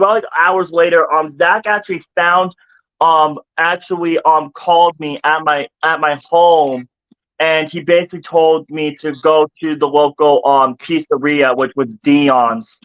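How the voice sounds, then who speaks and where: A man with a high voice talks on a home livestream. He rambles, repeats himself and climbs higher when upset. The sound is dry with no room echo. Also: steady tone, unhurried. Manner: rambling, repeats and restarts phrases, gets louder and higher when worked up. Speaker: streamer. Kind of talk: casual livestream chat.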